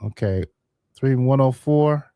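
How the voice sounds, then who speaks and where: A man's voice: mid-range voice, slow pace, warm tone, clear, resonant tone, dry recording, studio quality. A man hosting a live stream in a casual, chatty way, calling out poll votes to viewers. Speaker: livestream host.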